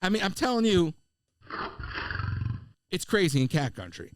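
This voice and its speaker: A man, co-hosting a podcast and telling a funny travel story in casual chat, slipping into quick voices of people he met. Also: sits high, sing-song, smooth, dry recording. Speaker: podcast co-host.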